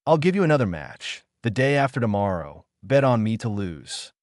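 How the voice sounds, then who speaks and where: Man doing a cocky easygoing young guy, low voice, dry close sound. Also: sing-song, moderate pace, dry recording. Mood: confident. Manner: easygoing, teasing. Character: confident, powerful young man, cheerful and teasing.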